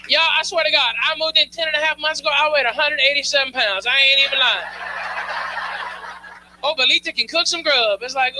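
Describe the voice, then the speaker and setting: A man's voice: extremely high pitch, brisk, sharp tone, slight background noise, low-quality recording. A male stand-up comedian on a club stage, talking loose and slangy while teasing the crowd through a handheld mic.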